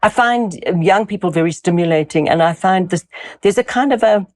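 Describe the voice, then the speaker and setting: A woman's voice: on the low side, fairly quick. An older woman, a voice coach and actress answering interview questions thoughtfully, often repeating words as she searches for them.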